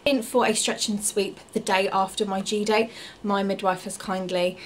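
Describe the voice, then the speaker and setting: A woman's voice: medium pitch, fairly even intonation, moderate pace, a little hiss or hum. A woman in her thirties gives a candid, chatty family vlog update with frequent ums. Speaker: family vlogger.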